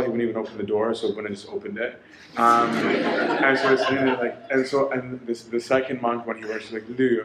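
A man of middle pitch tells a story in a lecture. He talks in a lively, animated way and acts out the voices in the story. The room is echoey, with a faint ambient hum. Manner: animated storytelling, quoting others in dialogue.

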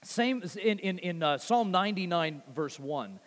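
A man preaching a sermon with animated delivery, swinging from loud rising phrases to quiet low ones and often repeating words. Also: a little slow. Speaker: pastor. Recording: long reverb of a large hall.

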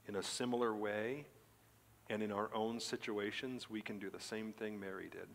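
A male pastor giving a Sunday sermon, preaching emphatically and breaking into animated, excited stretches. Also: lowish voice, normal speed, creaky. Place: church sanctuary. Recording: church hall reverb.

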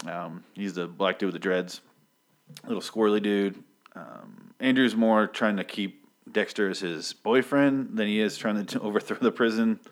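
A man's voice: fairly low pitch, normal speed. A man casually recapping a comic book issue, rambling and profane, with many filler ums and restarts.

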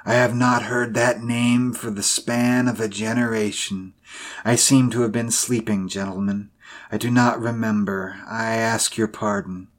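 A man voicing a weary old voodoo man who speaks slowly and in a hush. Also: fairly low pitch, little pitch movement, lightly acted. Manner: slow, hushed speech.

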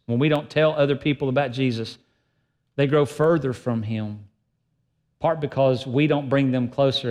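A man preaching a sermon as pastor, emphatic and swinging between loud and soft delivery. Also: medium pitch.

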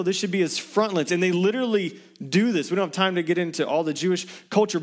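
A pastor delivering an earnest, conversational sermon to his congregation, often asking the listeners questions. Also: sits high.

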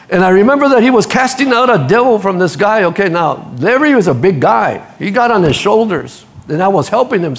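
High-voiced animated male preacher. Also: gravelly. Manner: animated storytelling, acts out quotes, laughs at his own stories; addresses the congregation directly. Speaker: pastor. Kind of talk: sermon.

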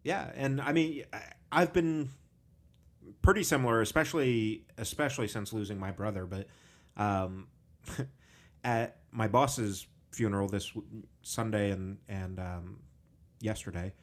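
Unhurried and low-voiced, this podcast host speaks frankly and casually about his personal struggles, cursing without restraint in a candid, conversational style.

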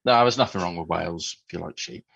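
A man's voice: low voice, fast talker, creaky, a bit bright, slightly rough, no echo, highs cut off. A man, joking and swearing as a podcast co-host in casual chat. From England.

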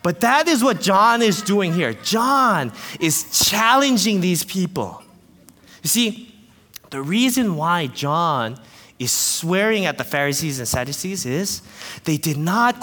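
A man preaching a lively sermon to a congregation with kids, animated and jokey with playful asides. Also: fairly high pitch, in a large hall. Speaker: pastor.

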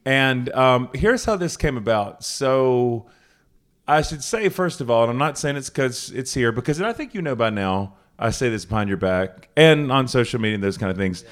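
A man from North Carolina, hosting a casual live podcast talk in a living room at a small house concert. He rambles, interrupts himself and jokes as he goes. His pitch sits at an ordinary middle level for a man. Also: expressive, moderate pace. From Charlotte, North Carolina. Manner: rambling, self-interrupting, jokey. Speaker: podcast host.

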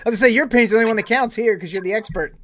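A man co-hosting an interview, animated and quick to laugh. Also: high voice, a little hiss or hum. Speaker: podcast co-host. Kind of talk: casual interview chat.

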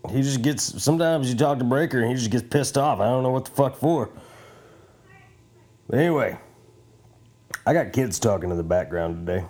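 A man's voice: medium pitch, lively intonation, moderate pace, long pauses, darkish tone. A man hosting a podcast, rambling casually in a profane, joking, self-mocking way at home. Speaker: podcast host.

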